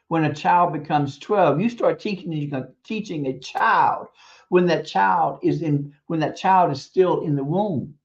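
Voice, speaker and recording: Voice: mid-range voice, a little slow, dull audio. Emphatic, preachy parenting talk on stream. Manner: emphatic, repeats words, preachy, chuckles between points. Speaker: stream host; teacher. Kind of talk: casual advice monologue on parenting.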